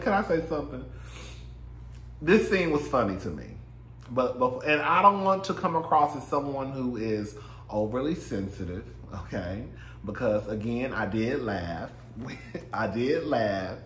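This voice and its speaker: A man's voice: mid-range voice, a little hiss or hum. Sassy profane man recapping, echoey room. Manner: sassy, profane, laughs often, mimics people. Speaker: reality TV recap host. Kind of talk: casual chat.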